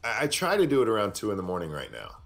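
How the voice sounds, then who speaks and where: A man's voice: on the low side, huge pitch swings, rapid-fire, gravelly, a bit bright, soft background music. A man guesting on a livestream, chatting casually in a blunt, profane way.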